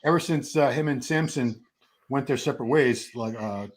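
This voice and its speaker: A man of middle pitch leads a casual live-stream chat, relating stories in a wry, conversational manner. His delivery is relaxed and easy to follow. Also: moderate pace, a little hiss or hum. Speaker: host of a bodybuilding channel.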